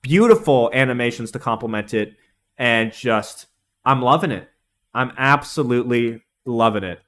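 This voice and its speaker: A young man streaming a casual, excitable game analysis, rambling and laughing at his own slips. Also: mid-range voice, moderate pace.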